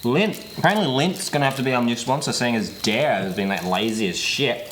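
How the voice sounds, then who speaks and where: A young man rambles and giggles through a loose podcast chat, his voice jumping lively up and down. The room is echoey, with a faint hum of crickets and insects behind him. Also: mid-range voice, a little fast. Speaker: podcast co-host. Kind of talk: casual chat. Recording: roomy echo, faint insect noise.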